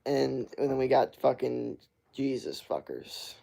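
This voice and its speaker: A young male streamer with a gravelly, fry-touched voice, talking loosely and swearing as he riffs on chat messages. His pitch sits in an ordinary middle range. He keeps the tone of casual live chat throughout. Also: big pitch swings, a little slow, dark tone.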